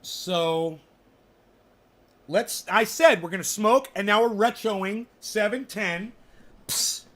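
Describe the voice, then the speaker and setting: A man's voice: high voice, slow pace, long pauses, a bit bright. A man hosting his own show, talking casually in a rambling, blunt and profane way. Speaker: host of a cannabis show. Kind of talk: casual chat.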